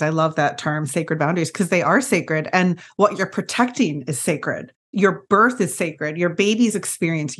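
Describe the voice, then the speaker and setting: A middle-aged woman hosting a podcast, speaking in an affirming, emphatic conversational manner. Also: lowish voice. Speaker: podcast host. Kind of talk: casual interview chat.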